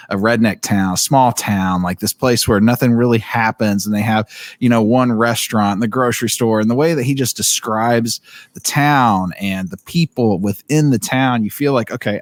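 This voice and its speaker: A man's voice: fairly low pitch, no echo. Rambling, chatty man on a book podcast. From living in Indiana. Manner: rambling, filler-heavy and enthusiastic. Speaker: podcast co-host. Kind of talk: casual book discussion.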